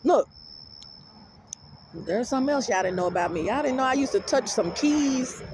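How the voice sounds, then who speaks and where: A woman's voice: sits high, lively intonation, normal speed, background noise. A middle-aged woman telling a rambling story to her viewers, cursing freely and often laughing hard. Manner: profane, rambling, breaks into hearty laughter. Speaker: vlogger.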